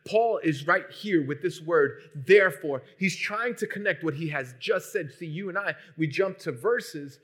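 A man preaching a sermon, emphatic, moving between hushed lines and loud, urgent ones. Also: a little high, animated, measured pace, hardly any pauses. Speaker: pastor.

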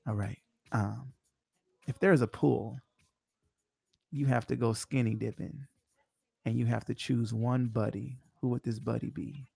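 A man hosting a casual podcast interview with laid-back, slangy banter and drawn-out announcements. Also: medium pitch, fairly even intonation, creaky, mellow, breathy edge, no echo. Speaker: host.

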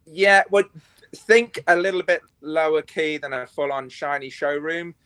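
Bright-toned crude man telling stories. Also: a little high, unhurried, clear, resonant tone, dry recording. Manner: crude, rambling storyteller with lots of fillers. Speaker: podcast guest. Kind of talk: casual chat.

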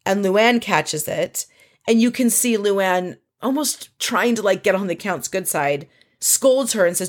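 A woman's voice: medium pitch, moderate pace. A woman casually recapping a reality show episode, chatty and full of opinionated asides.

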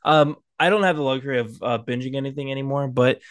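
A man on a podcast panel in casual chat, halting and full of "like". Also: medium pitch, clean tone, no room sound, clean studio sound.

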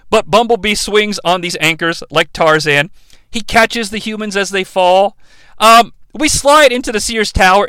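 A man's voice: high-pitched, pushed and bright, no echo. A young man hosting a comedic bad-movie recap, sarcastic, profane and rambling. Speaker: host, bad-movie reviewer.

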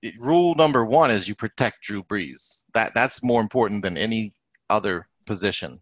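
A man's voice: on the low side, expressive, moderate pace, dry recording. A man talking casually on a sports podcast, often hedging with "I mean". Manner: conversational, hedges with "I mean". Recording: slightly dull lo-fi sound.

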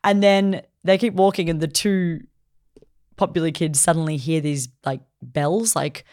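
A woman co-hosting a podcast, recapping an anime plot in casual, animated chat full of fillers. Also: deep voice, measured pace. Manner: chatty and animated, acts out characters' lines. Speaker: podcast co-host.

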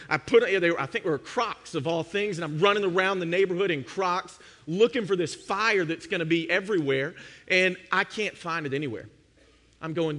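A young adult man preaching a sermon, telling a funny personal story and acting out his own past self with animated delivery. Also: high voice. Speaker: pastor. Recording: long hall reverb.

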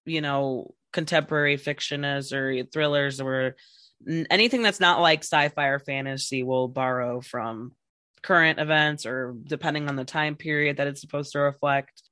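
A woman's voice: low-pitched, normal speed, pushed and bright, dry recording, studio quality. A woman hosting a podcast interview, talking in a rambling, casual way with many fillers and restarts. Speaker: podcast host.

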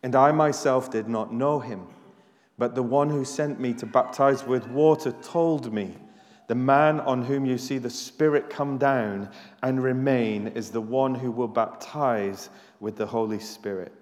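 Pastor preaching in an echoing church. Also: male voice, mid-range voice, a little slow. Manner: animated preacher, rising to loud emphasis on questions. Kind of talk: sermon. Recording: live church recording with long hall reverb.

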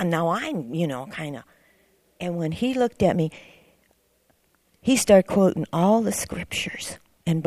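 A woman's voice: on the low side, a little mellow, no echo. A middle-aged woman earnestly telling a rambling personal testimony in a church class. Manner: rambling, earnest storytelling with restarts. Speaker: class member sharing a testimony.

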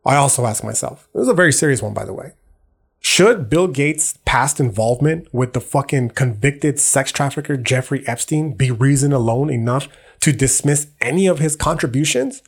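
Profane, blunt man, husky voice. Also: medium pitch, animated, moderate pace. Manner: profane, blunt, street slang. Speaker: podcast host. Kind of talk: casual monologue.

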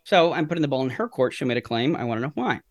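A man's voice: medium pitch, expressive, very fast, no echo, studio quality. Man explaining faith with stories. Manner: teaching through anecdotes, asks himself questions. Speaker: guest speaker. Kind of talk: podcast interview storytelling.

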